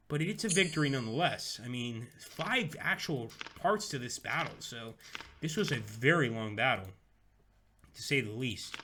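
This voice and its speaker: A young man giving excitable live commentary on a strategy game, swearing freely. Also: on the high side. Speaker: game streamer.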